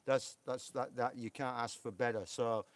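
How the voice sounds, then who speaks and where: A man's voice: medium pitch, fairly even intonation, normal speed, no echo. A man with a Yorkshire accent co-hosting a live stream, rambling and chatty with lots of fillers. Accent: Yorkshire English. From England.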